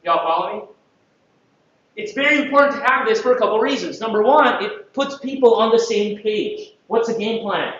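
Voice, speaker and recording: High-voiced man lecturing in an echoey hall. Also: moderate pace, fairly bright tone, slight background noise. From Philippines. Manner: playful, audience-engaging, acts out quotes. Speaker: conference presenter. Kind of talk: conference talk. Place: large conference room. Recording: echoey room, distant and dull mic.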